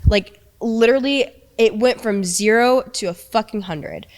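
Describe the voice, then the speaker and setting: A young woman recounting a frightening relationship in a halting way, with many restarts and quoted lines. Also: a little high, a little mellow. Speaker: interviewee recounting abuse. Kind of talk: emotional storytelling.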